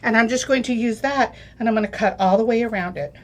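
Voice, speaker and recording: A woman's voice: on the high side, fast talker. A middle-aged woman giving a chatty, step-by-step craft demonstration on a live show, checking in with "okay?" and "right?". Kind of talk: live craft product demo.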